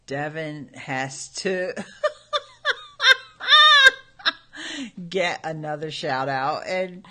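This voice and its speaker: A middle-aged woman hosts a casual YouTube livestream from home, chatting directly to viewers and telling stories. Her voice is fairly low and a bit bright.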